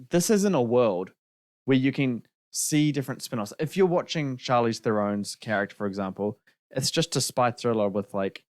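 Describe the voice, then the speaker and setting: A man's voice: medium pitch, no echo, clean studio sound. A young man co-hosting a podcast, giving his opinions on films in a casual chat and laughing easily. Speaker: podcast co-host.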